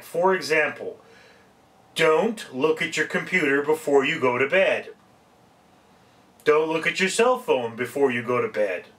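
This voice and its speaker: In a home vlog, a man with a fairly high, slightly bright voice, recorded from a distant mic, offers casual, folksy advice. He rambles and often stops mid-sentence to correct himself.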